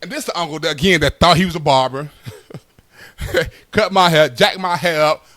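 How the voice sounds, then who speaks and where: A male comedian doing stand-up storytelling, animated and tossing in constant asides. His voice sits a little high, and the sound is dry and close with no room echo. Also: normal speed.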